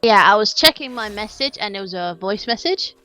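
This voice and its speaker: Playful woman with a lively voice. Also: mid-range voice, a little fast, soft background music. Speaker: co-player and guest. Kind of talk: casual gameplay chat.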